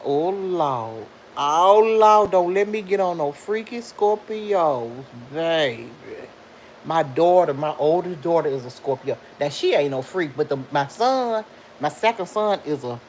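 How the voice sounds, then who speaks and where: A middle-aged woman chats live with her viewers in a lively, sing-song voice that sits a little low. She laughs often and answers commenters directly. A faint hiss of background noise runs under her voice. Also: low-quality recording. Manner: animated, talks back to commenters, laughs often. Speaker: live stream host. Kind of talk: casual live chat reading comments.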